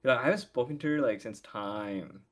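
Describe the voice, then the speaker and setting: A man's voice: mid-range voice, a little fast. A young man co-hosting a podcast, giving blunt, joking reactions in casual chat and swearing freely. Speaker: podcast co-host.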